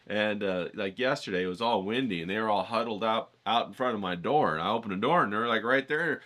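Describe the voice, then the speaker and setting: A man's voice: lowish voice, a little fast, pushed and bright. A man hosting a writing challenge, talking casually and rambling, swearing now and then and checking in with "okay?". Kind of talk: casual teaching vlog. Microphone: filtered through a voice isolator.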